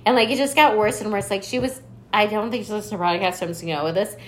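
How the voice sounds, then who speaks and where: A young woman co-hosting a podcast, telling a story in casual chat, animated and full of "like" fillers and swearing. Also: medium pitch, racing. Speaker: podcast co-host.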